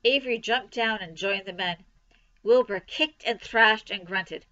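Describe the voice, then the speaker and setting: A woman reading a children's novel aloud for a library storytime, in an expressive read-aloud manner, on a dull lo-fi recording. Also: medium pitch, measured pace.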